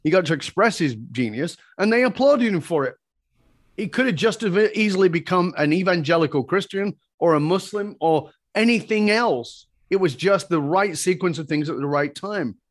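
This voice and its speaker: A man being interviewed about his work teaching communication skills, telling stories in an animated, emphatic way that climbs to excited peaks. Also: sits high, normal speed, no echo, studio quality. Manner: energetic, emphatic, rising to excited peaks when retelling exchanges. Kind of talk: animated personal storytelling in conversation.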